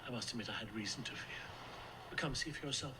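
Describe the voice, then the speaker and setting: A man playing a hurried, nervous steward. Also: medium pitch, heavy background noise, lightly acted. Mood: deferential. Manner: hurried, deferential. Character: nervous castle steward greeting his queen. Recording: film clip with crowd behind.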